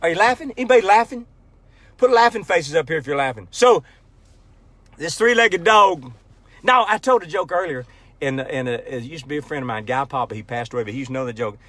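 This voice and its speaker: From his pickup at a ranch, a country singer hosts a phone livestream, chatting casually in a folksy, rambling way and telling jokes. His voice is on the high side and fairly bright, with lively intonation and a fairly quick pace, in a dry recording.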